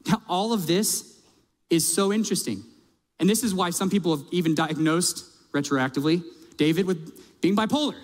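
High-voiced man preaching in a reverberant hall. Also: normal speed. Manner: conversational, emphatic preaching with direct questions to the audience. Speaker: pastor. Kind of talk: sermon. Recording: long reverb of a large hall.

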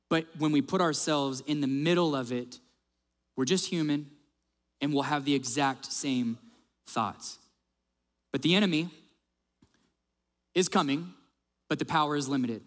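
A male pastor preaching a sermon, telling stories in a lively way and acting out the quotes. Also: a little high, moderate pace, pauses often, long reverb tail. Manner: animated storyteller, acts out quotes.

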